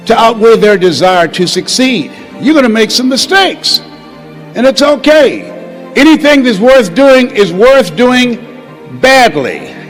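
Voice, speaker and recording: High-voiced man giving an emphatic motivational talk. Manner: storytelling, acting out quoted dialogue; emphatic, preacher-like repetition. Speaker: motivational speaker. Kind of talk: motivational speech.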